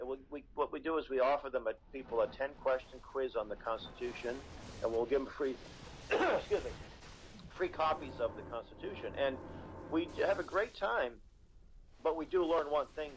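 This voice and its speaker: A man's voice: medium pitch, background noise. Earnest man explaining on a radio interview. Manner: earnest, rambling with many restarts. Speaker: guest, constitution educator.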